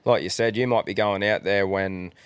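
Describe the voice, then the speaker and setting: A man's voice: on the low side, steady tone, normal speed, clear, resonant tone, no room sound. A young Australian man co-hosting a casual podcast, laid-back and encouraging, swearing freely. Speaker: podcast co-host.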